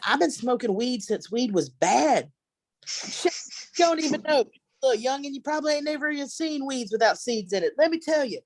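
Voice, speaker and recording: A woman's voice: high voice, no echo. Brash, profane woman comedian. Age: middle-aged. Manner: brash, profane, rambling with fillers. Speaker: headlining comedian. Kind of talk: stand-up set on a video call.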